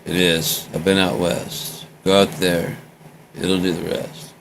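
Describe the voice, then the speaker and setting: Very deep-voiced man rambling casually. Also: flat delivery, slow, creaky, fairly bright tone, a little hiss or hum. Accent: American. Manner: meandering, drifting between topics, trailing off. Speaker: vlogger recording a personal journal.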